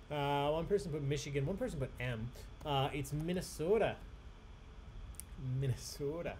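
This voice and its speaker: A man's voice: fairly high pitch, animated, measured pace, dark tone, slight background noise. A man hosting a live online trivia game, chatty and upbeat, reading each question twice with emphasis. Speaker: trivia host.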